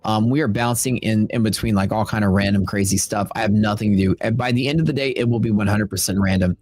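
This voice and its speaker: Low-voiced Texan man, laid-back chat. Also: fairly even intonation, fast, a little mellow, husky, no echo. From Texas. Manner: laid-back, rambling, filler-heavy. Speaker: trading stream host. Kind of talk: casual livestream chat.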